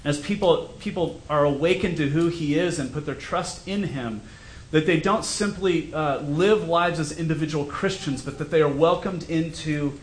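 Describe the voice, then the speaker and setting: A man's voice: fairly high pitch, reverberant, slight background noise. A male pastor preaching a sermon in a conversational, storytelling way. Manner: conversational, self-deprecating storytelling. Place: church sanctuary.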